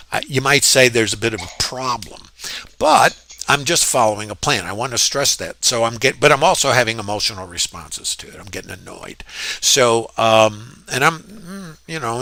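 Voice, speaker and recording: On a dry recording, a trading educator with a medium-pitched, pushed, bright voice walks through his own trades in a screen-share. He's reflective, using plenty of fillers and restarts as he drives his points home.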